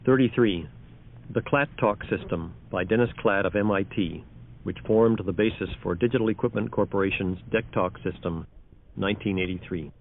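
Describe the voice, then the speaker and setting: A man announcing numbered demonstrations in a plain, measured, formal way. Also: on the low side. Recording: lo-fi phone-like 1980s tape.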